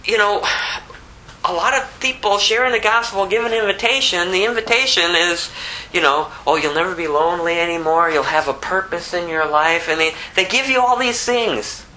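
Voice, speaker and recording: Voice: mid-range voice, normal speed, pushed and bright, slight background noise, rough recording. An American preacher delivering a sermon in an emphatic way, full of rhetorical questions. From United States.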